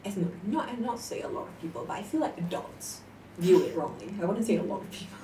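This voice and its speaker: A woman's voice: mid-range voice, fast. Young woman chatting in an echoey room. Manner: animated storytelling, laughs often. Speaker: guest. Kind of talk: casual chat. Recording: echoey room, distant mic, faint noise.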